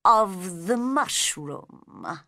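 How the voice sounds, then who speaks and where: A woman voicing a sleepy, unfriendly male caterpillar who smokes a pipe, speaking very slowly and curtly. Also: on the low side, expressive, bright, forceful tone, dry recording, studio quality, exaggerated voice. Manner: very slow, drawn-out and curt.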